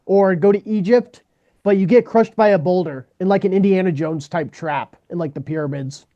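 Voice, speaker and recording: A man's voice: sits high, normal speed, dark tone. A man hosting a comedy podcast, casually reading out would-you-rather questions and prompting his co-hosts. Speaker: podcast host. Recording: dull lo-fi sound.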